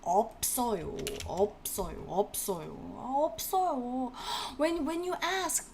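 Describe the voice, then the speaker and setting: Animated woman teaching a live class. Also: on the high side, quick pace, few pauses, a little hiss or hum. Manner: animated, repeats words for drill, chats with viewers. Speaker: Korean language teacher. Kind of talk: live-streamed language lesson.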